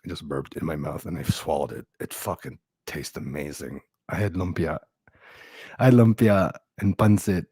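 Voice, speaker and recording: A man's voice: extremely low pitch, moderate pace, mellow, husky, no echo, clean studio sound. A middle-aged man doing a loose, crude stand-up set over a video call, riffing on comments typed by his audience. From Filipino-American. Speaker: stand-up comedian. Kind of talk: stand-up set on a virtual comedy show.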